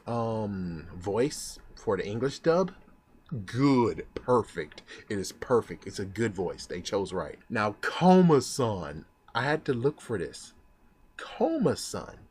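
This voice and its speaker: A young man giving an excitable, swearing commentary about an anime dub in a casual vlog. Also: mid-range voice. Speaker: anime vlogger.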